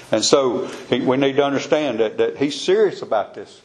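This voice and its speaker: Man, mid-pitched, plain folksy Bible-study teacher, talks loosely and repeats himself. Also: normal speed, few pauses.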